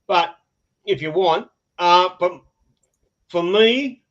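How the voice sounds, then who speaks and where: A man's voice: sits high, slow, fairly bright tone. A man, hosting a casual podcast, rambling with frequent laughs and restarts. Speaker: podcast host. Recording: dull lo-fi podcast audio.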